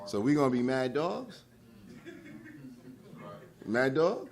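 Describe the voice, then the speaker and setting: A man leading a relationship class in a casual lecture style, laughing often, acting out quarrels and asking the room if he's right. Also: medium pitch. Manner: animated, laughing, acts out quarrels; asks the room for agreement.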